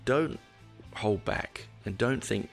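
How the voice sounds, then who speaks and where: A middle-aged man talks through a solo podcast in a very low, gravelly voice. He rambles, trips over his own words and corrects himself as he goes, dropping dry asides. Soft music plays faintly behind him. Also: slow pace. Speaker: podcast host. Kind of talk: casual solo podcast monologue.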